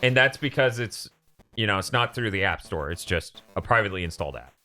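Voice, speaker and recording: A man's voice: on the low side, expressive, brisk, sharp tone. A man hosting a casual podcast, telling stories animatedly and swearing casually. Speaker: podcast host. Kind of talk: casual chat.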